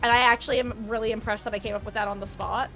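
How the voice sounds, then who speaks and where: A woman's voice: on the high side, fairly even intonation, rapid-fire, over music. Rambling woman streaming live gameplay. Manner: rambling, chatty asides to chat, thinking aloud. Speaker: livestreamer. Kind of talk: casual live gameplay commentary.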